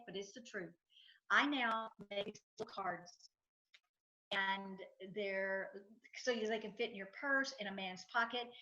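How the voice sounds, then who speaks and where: A woman's voice: mid-range voice, pushed and bright, highs cut off. A middle-aged woman, a guest in an interview, speaking emphatically and repeating her points for effect as she tells stories. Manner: emphatic, repetitive, storytelling with acted quotes. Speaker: guest, financial advisor and entrepreneur. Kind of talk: enthusiastic interview talk.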